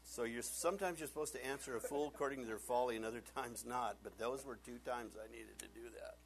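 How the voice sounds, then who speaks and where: A man's voice: medium pitch, quick pace, gravelly. An older man preaching a sermon as pastor, telling stories with humor and acting out the characters. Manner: animated storytelling, acts out characters, humorous.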